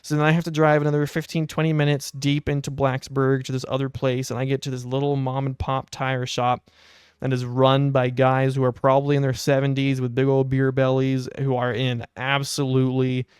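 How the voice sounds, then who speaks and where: A young adult man hosting a podcast, telling a casual anecdote in a wry, animated way. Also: mid-range voice, brisk, clean tone, no echo, clean studio sound. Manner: animated, wry storytelling with quoted asides. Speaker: podcast host.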